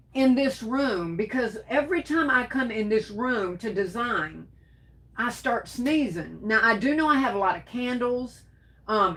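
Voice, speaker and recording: Woman, crafting livestream host; warm pet names for viewers, sneezing between comments. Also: on the high side. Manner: affectionate, calls viewers baby and darling. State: sneezing and coughing. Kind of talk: casual livestream chat reading comments.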